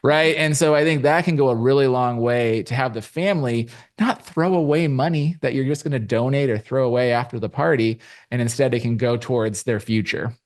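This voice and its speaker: A middle-aged man talking as a finance guest in a podcast interview, explaining with rhetorical asides and lively emphasis. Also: medium pitch, fairly quick, hardly any pauses. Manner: animated, explanatory, rhetorical "right?". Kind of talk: conversational interview.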